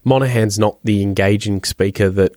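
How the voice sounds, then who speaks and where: A man co-hosting a golf podcast in casual chat, animated and restarting his phrases as he thinks. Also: lowish voice, normal speed, no room sound, studio quality. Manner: animated, repeats words while thinking.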